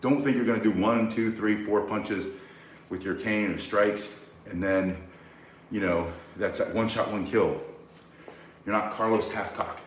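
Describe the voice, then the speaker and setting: A man's voice: on the low side, steady tone, measured pace, a little hiss or hum. A man teaching self-defense, bluntly and emphatically walking through each move step by step. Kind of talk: instructional demonstration. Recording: very echoey, mic far from speaker.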